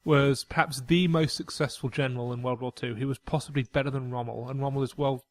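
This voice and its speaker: A man's voice: medium pitch, fairly even intonation, brisk. A man co-hosting a casual podcast chat, wry and fond of history tangents. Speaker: podcast co-host.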